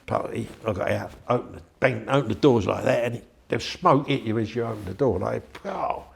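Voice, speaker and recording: A brisk, creaky, medium-pitched voice belongs to an older man recounting an anecdote during an interview. His story wanders and stays chatty, and he imitates the people he describes.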